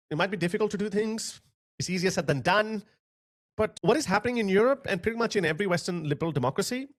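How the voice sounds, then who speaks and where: Male online commentator, swings pitch all over, blunt and sarcastic. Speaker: political commentator. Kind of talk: casual commentary on video clips.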